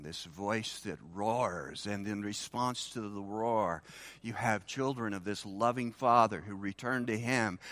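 A man preaching a sermon, moving between loud, emphatic lines and hushed, low passages. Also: no room sound. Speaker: pastor.

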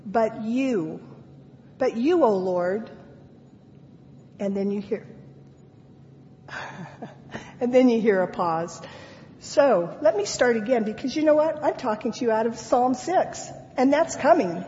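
A woman preaching at an unhurried, measured pace, her voice carrying a long reverb through a hall. The audio is dull and lo-fi, with a faint hiss underneath. She reads the scripture passages with earnest feeling and lets pauses sit. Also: on the high side, expressive, dark tone. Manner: slow, deliberate delivery. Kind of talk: sermon.

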